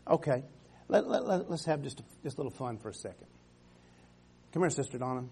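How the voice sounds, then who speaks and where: A man preaching a sermon with fervor, swinging from loud exhortations to soft, quiet passages. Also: mid-range voice, very animated, brisk, vocal fry, slightly rough. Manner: fervent, rising to loud exhortations, dropping to soft tones.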